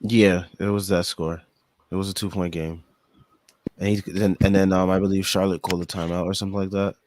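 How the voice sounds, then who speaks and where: A young man with a very deep voice co-hosts a casual sports podcast. He speaks indignantly, in halting sentences full of fillers, recorded close and dry with no room sound. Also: level tone, a little mellow, dry recording. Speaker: podcast co-host.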